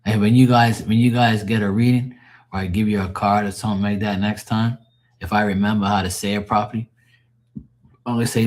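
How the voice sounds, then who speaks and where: A man with a fairly low voice chats casually with his live-stream viewers as a tarot reader. He rambles and swears freely, often breaking into laughter. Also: fairly even intonation, fairly quick.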